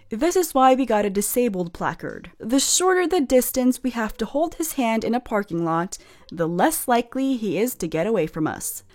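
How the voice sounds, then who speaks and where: A woman's voice: medium pitch, a little mellow. A woman reading stories aloud and adding chatty, sarcastic commentary of her own. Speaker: story narrator.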